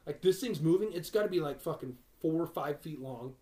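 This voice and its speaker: A man's voice: fairly high pitch, expressive, fairly quick, dark tone, reverberant. A man telling a long story in casual podcast chat, swearing and acting out what people said. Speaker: podcast host.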